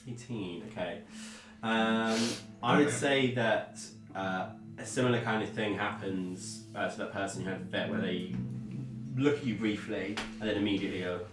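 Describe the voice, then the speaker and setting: Game master, male, lowish voice, hesitant narration, heard from a distance in an echoey room with music behind. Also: steady tone, normal speed. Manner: hesitant, filler-heavy narration. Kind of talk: running a tabletop game.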